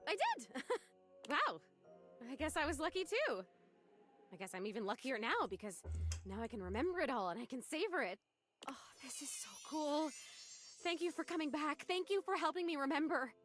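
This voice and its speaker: A bubbly, trusting young ghost. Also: female voice, sits high, big pitch swings, normal speed, fairly bright tone, soft background music. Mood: excited, gushing. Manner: gushing, wondering, breathless. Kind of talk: voiced video game dialogue.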